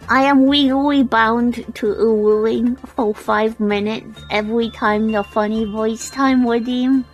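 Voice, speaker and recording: A woman's voice: on the high side, steady tone, measured pace, hardly any pauses, faint music behind, rough recording. A British woman streaming a game live, chatting casually with frequent giggles and rambling restarts. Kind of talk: casual live-stream chat while gaming.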